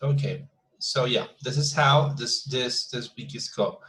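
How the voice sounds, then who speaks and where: Male teacher on a video call, mid pitch, halting and repetitive. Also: a bit bright, low-quality recording. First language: Spanish. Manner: hesitant, many repeated words and fillers. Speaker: English teacher. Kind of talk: online class instruction.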